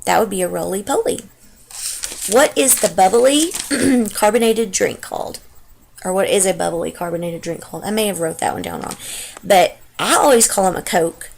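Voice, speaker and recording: A woman's voice: medium pitch, moderate pace, gravelly, a little mellow, slight background noise. A Texan woman in her thirties, chatting casually through a dialect quiz, rambling and unsure with lots of ums and trailing asides. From Texas. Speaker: vlogger. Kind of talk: casual dialect-tag chat.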